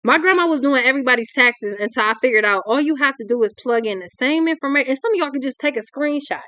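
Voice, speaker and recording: A woman's voice: high voice, animated, fast talker, bright, forceful tone, dry recording. A young adult woman, giving a ranting tarot reading in a blunt, exasperated, profane way. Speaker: tarot reader.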